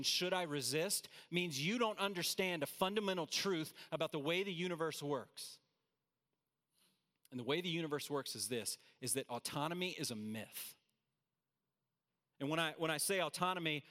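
Male preacher, a bit high-pitched, emphatic sermon delivery, long hall echo. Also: sharp tone. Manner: earnest, emphatic preaching with asides. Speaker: pastor. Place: large room with audience. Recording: hall reverb.

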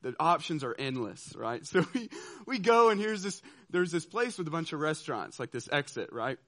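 A man telling a personal story to an audience, animated and laughing, often checking in with listeners. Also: fairly high pitch, normal speed. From southeastern United States. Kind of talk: storytelling talk.

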